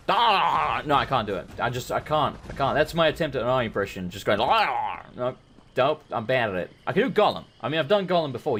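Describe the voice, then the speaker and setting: A man casually commentating a game he plays, excitable, swearing often and talking back to the characters. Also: mid-range voice, a little hiss or hum. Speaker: let's play host.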